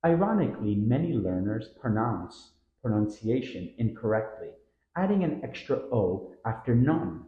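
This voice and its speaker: In a mellow, medium-pitched voice, a man narrates a scripted pronunciation lesson as its teacher, stretching out each model word slowly and stressing its syllables. The recording is muffled and reverberant.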